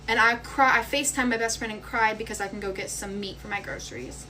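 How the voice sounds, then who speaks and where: A woman's voice: mid-range voice, fast talker, rough recording. A young woman telling a casual storytime in a frank, rambling way, swearing freely. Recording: loud frying and sizzling behind voice.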